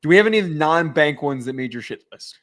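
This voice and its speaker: Male co-host, casual banter, dry sarcasm, looks up facts mid-talk, raised pitch. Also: animated, a little fast, fairly bright tone. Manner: wry, looks things up, sarcastic asides. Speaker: podcast co-host. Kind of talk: casual sports chat.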